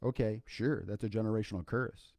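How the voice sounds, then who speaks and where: An older man talking on a podcast with a low, warm, mellow voice. He speaks earnestly and informally, with plenty of ums and repeated lines. The sound is dry and close. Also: steady tone, fairly quick, creaky, no room sound. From Iowa, United States. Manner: informal, earnest, repeats key points, many fillers. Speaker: podcast co-host, clinical psychologist. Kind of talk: impromptu solo livestream talk.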